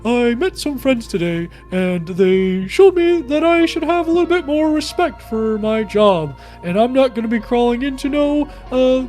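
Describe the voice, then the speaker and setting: A man's voice: very high voice, lively intonation, moderate pace, hardly any pauses, darkish tone, soft background music, voice pushed up. A man voicing a timid male furbolg busboy who speaks in a raised, hesitant, polite voice. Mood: nervous.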